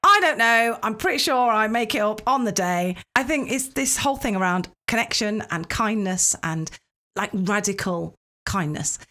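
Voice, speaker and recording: A woman's voice: medium pitch, animated, normal speed, bright, forceful tone. A woman co-hosting a podcast, playful and giggly in casual chat. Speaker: podcast co-host.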